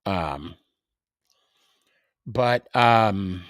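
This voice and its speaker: A man hosting a podcast, talking casually in a halting way, full of fillers and restarts. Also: sits low, expressive, dry recording, studio quality. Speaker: podcast host. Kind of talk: casual emotional monologue.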